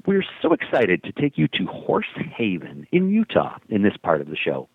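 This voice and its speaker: A man's voice: lowish voice, wildly swooping pitch, normal speed, vocal fry, soft background music. A man hosting a radio show, introducing segments with an upbeat presenter delivery. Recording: dry, tinny phone-like radio sound.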